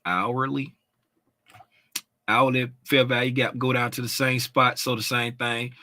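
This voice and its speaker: A man's voice: mid-range voice, completely flat delivery, moderate pace, bright, forceful tone, no room sound. A man casually walking through market charts, thinking aloud with frequent ums and self-corrections. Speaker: trading analyst.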